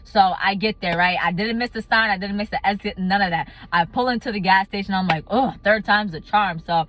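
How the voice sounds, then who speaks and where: A young adult woman telling a casual storytime vlog, animated and laughing often. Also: medium pitch, fairly quick. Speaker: vlogger.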